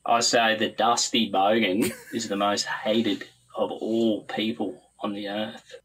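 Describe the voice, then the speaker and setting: A man's voice: fairly low pitch, level tone, slow pace, a bit bright, a little hiss or hum, low-quality recording. A man with an Australian accent voicing a brash, crude, boastful larrikin in a comedy sketch clip. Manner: boastful, swaggering, slangy.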